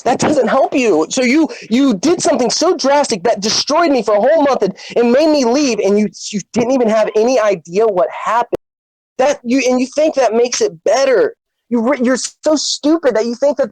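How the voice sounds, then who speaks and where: A woman's voice: on the high side, animated, moderate pace, a little mellow, no echo, poor audio. A woman in a heated voice-chat argument, furious and berating, cursing often. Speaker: Discord server member.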